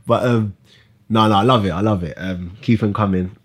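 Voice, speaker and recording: A husky, slightly breathy male voice. He co-hosts a casual podcast chat, speaking low and relaxed and often trailing off mid-thought. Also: normal speed. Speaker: podcast co-host.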